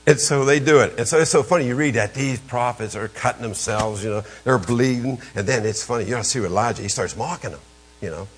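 With a husky voice and a slightly quick delivery, an older man preaches a sermon built on stories. As a pastor he speaks emphatically, with abrupt leaps in pitch and loudness.

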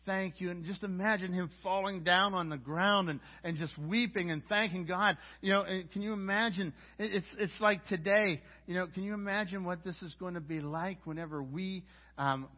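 High-voiced man preaching, dull recording. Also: slightly rough. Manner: conversational preaching with frequent stammered restarts. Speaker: pastor. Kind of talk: sermon. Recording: dull lo-fi audio.

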